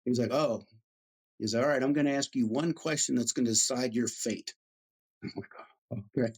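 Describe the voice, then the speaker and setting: A man's voice: mid-range voice, normal speed. A middle-aged American man, an Army veteran, telling stories casually in an interview and acting out the voices of the people he quotes. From United States. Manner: animated storyteller, acts out quoted voices.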